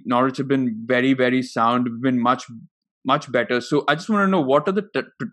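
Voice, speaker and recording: A man's voice: medium pitch, a bit bright. Man hosting a podcast, long rambling questions. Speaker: podcast host. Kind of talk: casual chat, interviewing.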